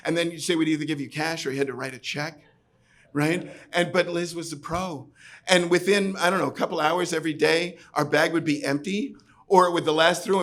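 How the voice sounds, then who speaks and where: A man's voice: fairly high pitch, fairly bright tone. A man from New York telling a personal story on a pub stage, chatty and full of "like" and "right". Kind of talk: live comic storytelling.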